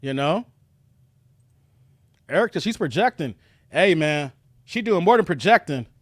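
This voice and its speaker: A man from Chicago hosts a reaction livestream and talks straight to his viewers. His voice sits high for a man and swings widely in pitch. He is mocking and animated, and the sound is close and dry. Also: unhurried, dry recording. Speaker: commentary show host.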